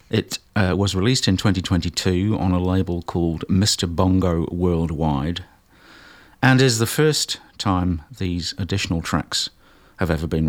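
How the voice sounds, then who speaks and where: A man presents a jazz radio show from a studio mic. His voice sits very low and he talks at an easy, unhurried pace, pausing often and filling the gaps with soft "uh"s as he back-announces records. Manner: relaxed and unhurried, with frequent pauses and "uh" fillers. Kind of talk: casual radio presenting between tracks.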